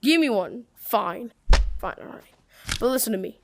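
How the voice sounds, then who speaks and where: A woman giving casual gameplay commentary with excitable, bossy trash talk. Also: a little high, moderate pace, background noise. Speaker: gamer.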